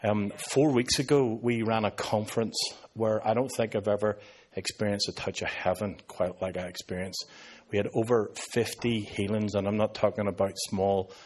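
Joking Northern Irish pastor. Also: male voice, lowish voice, fairly even intonation, moderate pace, a little mellow. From Northern Ireland. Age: 50s. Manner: joking, sarcastic asides to an audience. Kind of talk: sermon.

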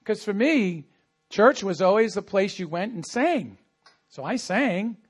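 A man's voice: high voice, animated, a little slow, breathy edge, faint music behind. A man preaching a sermon as a pastor, telling stories animatedly and acting out quoted asides. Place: church.

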